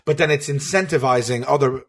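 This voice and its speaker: A man's voice: medium pitch, a little fast, a bit bright. A man co-hosting a podcast, telling a long story in casual chat and acting out both sides of a phone call. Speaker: podcast co-host.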